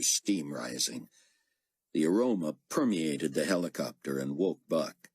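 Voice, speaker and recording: A man's voice: very deep voice, slightly rough, dry recording. A man narrating an audiobook expressively, voicing many characters. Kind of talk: scripted narration.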